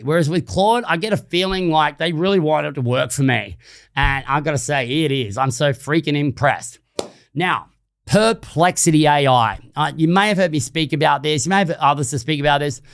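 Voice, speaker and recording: A man's voice: fairly high pitch, gravelly. A man with an Australian accent hosting an unscripted solo podcast, talking casually and bluntly, with some swearing. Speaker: podcast host.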